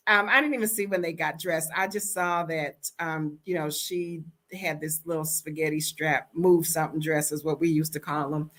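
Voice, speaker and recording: Speaking at a moderate pace with hardly any pauses, this American woman has a fairly low-pitched voice. She's telling a story in a casual storytime vlog, bluntly and with animation, performing the dialogue she quotes.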